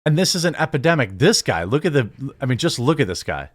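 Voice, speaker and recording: A man's voice: mid-range voice, big pitch swings, fast talker. A man hosting a reaction commentary, sarcastic and rambling, with frequent restarts. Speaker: commentary host.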